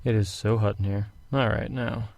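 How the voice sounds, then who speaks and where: A man's voice: fairly low pitch, normal speed, no echo. A young man recording a home audiobook of a fantasy novel, chatting casually before reading steadily. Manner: casual rambling intro, then steady reading. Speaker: audiobook reader. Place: hot room at home.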